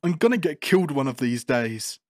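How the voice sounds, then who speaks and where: A man's voice: mid-range voice, sing-song, a little fast, a little mellow, no echo, studio quality, lightly acted. A man voicing a frightened, foul-mouthed male prisoner test subject who curses and pleads. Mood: angry.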